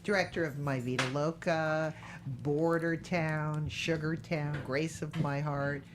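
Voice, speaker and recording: A woman hosting a podcast interview, chatting casually and telling animated stories. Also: sits low, measured pace, noisy background. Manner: chatty, animated storytelling with impressions. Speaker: podcast host.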